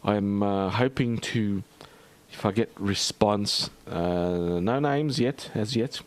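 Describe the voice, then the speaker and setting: An Australian man hosting a livestream in a rambling, halting chat full of fillers and restarts. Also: on the low side. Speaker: livestream host.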